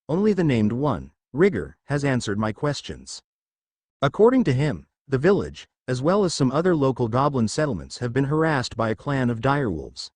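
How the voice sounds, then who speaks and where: A man narrating a first-person fan fiction story in an expressive manner. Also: mid-range voice, no echo, studio quality.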